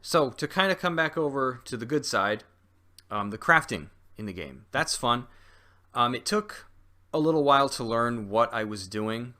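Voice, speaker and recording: A man's voice: mid-range voice, lively intonation, moderate pace, sharp tone. A young man talking through a video game in a casual review, rambling with lots of ums and restarts and a jokey streak. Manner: chatty and jokey.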